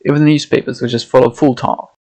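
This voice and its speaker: Picture a crusty old seaman of nearly a hundred, as a male reader puts him on, muttering in thick Yorkshire dialect. He is dismissive and brusque, his words low and hushed. The tone stays flat and unmoving. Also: fast talker, close to an everyday voice, low-quality recording. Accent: Yorkshire dialect, put on. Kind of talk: reading a novel aloud.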